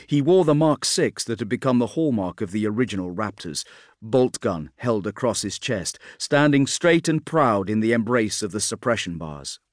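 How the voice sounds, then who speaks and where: A man reading a science-fiction war story as an audiobook narrator, in a steady, measured storytelling manner. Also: fairly low pitch, no echo, studio quality. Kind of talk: scripted narration.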